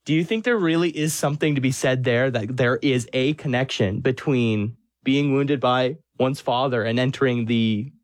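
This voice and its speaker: Dry-sounding male interviewer, mid pitch. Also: moderate pace, hardly any pauses, no echo. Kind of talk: interview questions.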